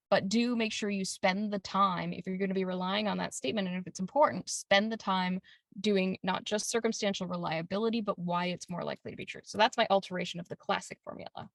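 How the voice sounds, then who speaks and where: Woman lawyer explaining stuff quick n clear, dry close sound, mid pitch. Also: dry recording. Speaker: defence lawyer and co-host. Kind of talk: webinar teaching.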